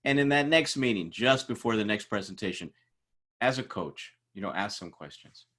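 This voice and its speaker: A man's voice: on the low side, normal speed. A middle-aged man teaching a class in a casual lecture style, telling workplace stories and acting out the people in them. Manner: animated storytelling, acts out quoted people. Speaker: instructor. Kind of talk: informal lecture with anecdotes.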